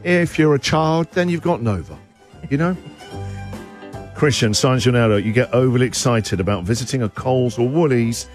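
A man's voice: mid-range voice, moderate pace, faint music behind. A middle-aged man hosting a breakfast radio show, chatting and joking as he reads out listener messages. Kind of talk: casual radio chat.

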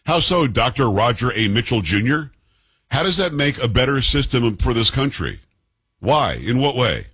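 A man's voice: mid-range voice, very animated, normal speed, a bit bright, slightly rough, dry recording. A man in his fifties hosting a political commentary show, combative and sarcastic, firing off rhetorical questions. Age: 50s.

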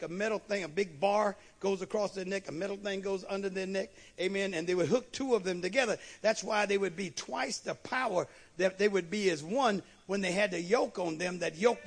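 A man's voice: high-pitched, a little fast, few pauses. A man, a bishop, preaching a sermon with emphatic delivery and frequent amens.

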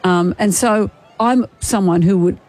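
A woman's voice: medium pitch, measured pace, a little mellow. Woman radio host making her case. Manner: opinionated, argues her point with stammered restarts. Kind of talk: casual on-air banter.

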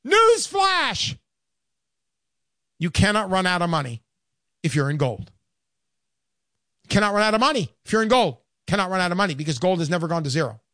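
Woman pushing gold investing, sarcastic and emphatic, pitch bouncing all over, dry close sound. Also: expressive, fast, long pauses, a bit bright, no echo. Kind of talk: persuasive sales talk.

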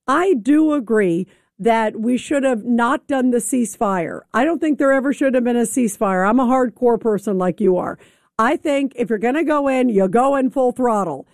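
Brief: high-pitched female radio host, forceful and combative, dry studio sound. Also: expressive, moderate pace, vocal fry, no room sound. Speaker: radio talk show host. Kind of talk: call-in talk radio.

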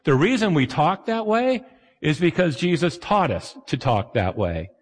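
A man preaching a sermon as pastor, conversational and animated, sometimes acting out the voices of the people he quotes. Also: a little high, unhurried, breathy edge. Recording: long hall reverb.

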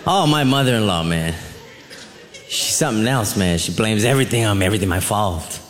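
A man's voice: fairly low pitch, fairly quick. A male stand-up comedian telling exasperated family stories on a club stage, tagging his lines with "man". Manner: animated, exasperated storytelling, tags lines with "man". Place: comedy club stage before a live audience. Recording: live club recording with crowd and noise. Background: audience laughter and room noise.

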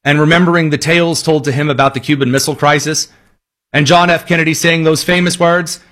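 A man's voice: a little high, fairly even intonation, a little fast, a bit bright. Sarcastic male political commentator. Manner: sarcastic, with long listing sentences.

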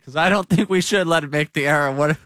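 A man hosting a sports radio show, leading the segments with quick, joking banter. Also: a little high, a bit bright, no echo, clean studio sound.

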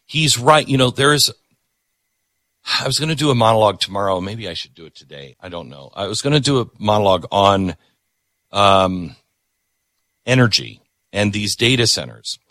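A man's voice: fairly low pitch, expressive, normal speed, pauses often, fairly bright tone, no echo. A middle-aged man hosting a talk show, giving emphatic, repetitive political commentary.

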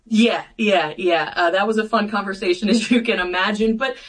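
A woman's voice: medium pitch, normal speed. A woman guest on a political talk show, a congresswoman speaking bluntly with sarcastic jabs.

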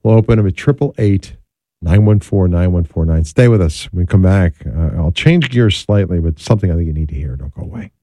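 A male radio talk show host interviewing a guest and leading into a break, with smooth broadcast delivery. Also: low-pitched, lively intonation, a little fast, warm tone, no room sound.

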